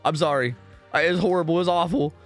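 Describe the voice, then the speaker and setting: A man's voice: on the high side, fairly even intonation, fairly quick, soft background music. A young man casually commentating a game live on stream, rambling, repeating himself and swearing freely.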